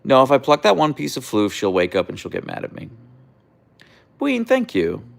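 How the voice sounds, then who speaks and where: A man's voice: lively intonation, quick pace, creaky, no room sound. A young man hosting a casual livestream from an outdoor deck, chatting with viewers and cooing at his dogs. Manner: chatty, reads out viewer comments; coos to his dogs in a high voice. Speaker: livestream host.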